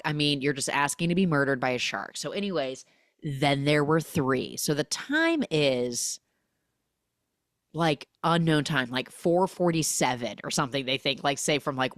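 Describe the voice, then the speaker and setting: A woman hosting a podcast, casually recapping a film and acting out the characters' lines with big jumps in pitch. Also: animated, normal speed, no echo, clean studio sound.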